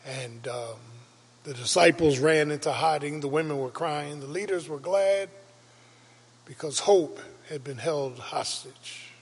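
Husky preaching man in echoing church. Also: on the high side, measured pace. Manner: preaching with dramatic rises into shouts. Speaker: pastor. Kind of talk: Easter sermon. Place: church sanctuary. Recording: reverberant church hall.

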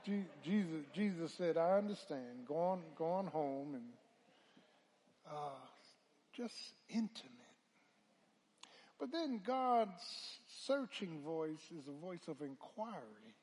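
A male preacher delivering a call-and-response sermon, moving from hushed murmurs to loud, drawn-out calls. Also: on the high side, very animated.

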